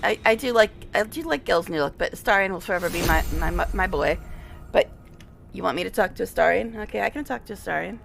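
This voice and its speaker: A woman's voice: mid-range voice, expressive, fast, vocal fry, soft background music. A woman streamer giving casual gameplay commentary, chatty and giggly, with frequent laughs.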